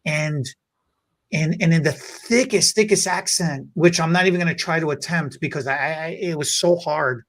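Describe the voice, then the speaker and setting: A man hosting a podcast, telling a story in a casual, animated, rambling way. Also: a little high, normal speed. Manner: animated, rambling, many fillers and restarts. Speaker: podcast host.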